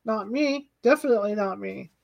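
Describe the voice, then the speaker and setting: A woman putting on a gruff, quiet older husband. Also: medium pitch, normal speed, no echo, dull audio, lightly acted. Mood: wistful. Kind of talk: audiobook character voice.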